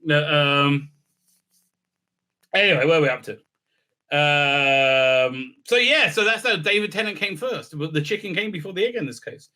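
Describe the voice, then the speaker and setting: A man's voice: a little high, normal speed, pushed and bright. A man giving rambling, sarcastic solo commentary, full of fillers and restarts. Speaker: video commentator.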